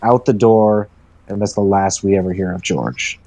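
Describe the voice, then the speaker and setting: A man narrating his turn in a tabletop storytelling game, a lively storyteller who swears and jumps into character voices. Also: low-pitched, normal speed, no echo, rough recording. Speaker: player.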